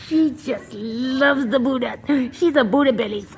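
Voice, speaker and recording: A woman's voice: a little high, animated, a little slow. A woman chatting to her pet bird in a home video, cooing in baby talk with frequent giggles.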